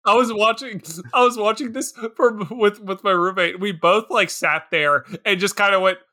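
A man's voice: sits high, normal speed. A man co-hosting a movie review podcast, chatting casually, laughing often and acting out his own reactions. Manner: animated, laughs often, mimics reactions in quotes. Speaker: podcast co-host.

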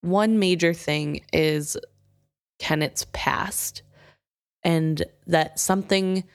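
A woman's voice: fairly low pitch, steady tone, drawn-out words. A woman co-hosting a book podcast, thinking aloud about a story. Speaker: podcast co-host. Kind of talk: book discussion.

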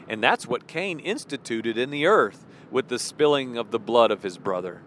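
This man's medium-pitched voice is expressive and a bit bright, moving at a moderate pace with hardly any pauses. He delivers a casual sermon outdoors by traffic, asking rhetorical questions and voicing imagined speakers.

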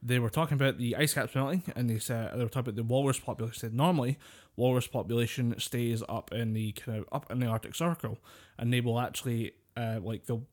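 Man, podcast co-host, casual chat, animated storyteller, laughs often, swears freely, middle pitch. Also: fast.

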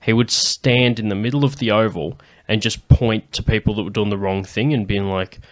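A man's voice: on the low side, steady tone, normal speed, no echo. A man co-hosting a podcast in casual chat, laid-back and joking while reading out a segment. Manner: laid-back, reads a segment then jokes around. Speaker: podcast co-host.

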